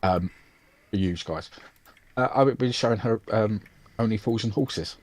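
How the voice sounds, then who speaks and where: A British man co-hosting a podcast in casual chat, halting and full of ums and restarts. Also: fairly low pitch, a little mellow, low-quality recording. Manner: hesitant, lots of ums and restarts. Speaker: podcast co-host.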